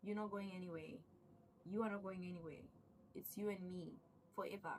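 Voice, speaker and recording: A woman voicing a scheming, manipulative wife who coaxes and menaces, then turns to shrill scolding. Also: steady tone, moderate pace, darkish tone, far from the mic, slight background noise, lightly acted, low-quality recording. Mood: menacing, coaxing.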